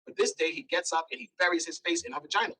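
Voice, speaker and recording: Rapid, husky, animated man telling a story. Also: on the high side, rough recording. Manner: blunt, animated, acts out dialogue. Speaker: interview guest. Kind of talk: candid interview storytelling.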